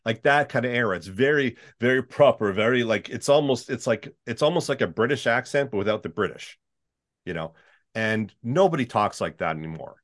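A Canadian man with a baritone voice, a voice-over artist chatting in an interview and slipping into demo voices. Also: brisk. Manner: chatty, animated, demonstrates reads in put-on voices. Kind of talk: casual interview chat.

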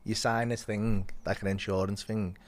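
A man's voice: fairly low pitch, moderate pace. A young man tells a comic story on a podcast. He swears freely and laughs as he goes. He acts out the voices of the people in it. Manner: animated, swearing, laughing, acting out other voices.

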